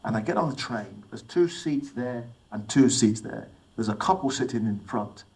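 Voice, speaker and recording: Speaking to young people, a middle-aged man from England motivates them through personal stories and questions for the audience. His mid-range voice is animated and darkish, with vocal fry and a moderate pace, captured in poor audio.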